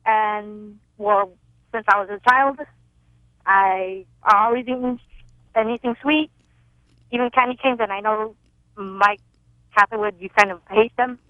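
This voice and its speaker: A woman's voice: medium pitch, steady tone, unhurried, pauses often, no room sound. A young woman in her twenties calling in to a radio show, talking in a rambling, hesitant way. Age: 20s. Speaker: caller. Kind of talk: call-in radio chat. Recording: tinny phone line.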